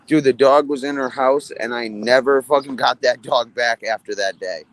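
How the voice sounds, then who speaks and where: A man's voice: medium pitch, fairly even intonation, normal speed, hardly any pauses, no room sound. Profane, laughing man telling a story. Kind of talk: casual storytelling chat.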